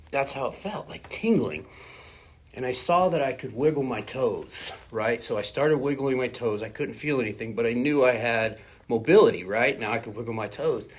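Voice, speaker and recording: A husky-voiced man in his forties shares his personal recovery testimony at a fellowship meeting. He talks in a loose, rambling way, full of "you know" and "like", and stays frank and self-deprecating about his past. His pitch sits in a middling range.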